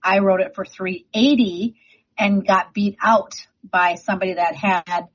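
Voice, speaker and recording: Woman, real estate agent guest on radio, emphatic and confident, a bit husky with a frog in her throat, dull lo-fi sound. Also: medium pitch, steady tone, measured pace. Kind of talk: radio talk segment.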